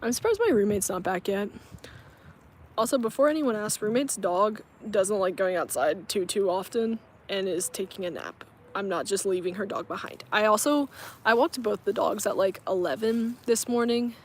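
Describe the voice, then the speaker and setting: A woman's voice: medium pitch, normal speed, slight background noise. Chatty young woman vlogging outdoors. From North Carolina, US coast. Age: 20s. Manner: chatty, laughs often, answers viewer comments. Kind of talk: casual livestream chat. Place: outdoors, parking lot and grassy area.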